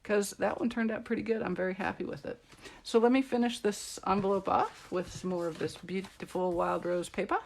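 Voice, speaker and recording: A woman's voice: medium pitch, steady tone, a little fast, creaky. A middle-aged woman chatting and joking with viewers while she shows how to make a card. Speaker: card-making demonstrator. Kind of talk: live-streamed craft tutorial chat.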